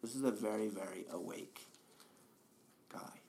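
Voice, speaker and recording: A man giving a relaxed, conversational dharma talk as a meditation teacher, often laughing softly. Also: on the low side, unhurried, vocal fry, slight background noise.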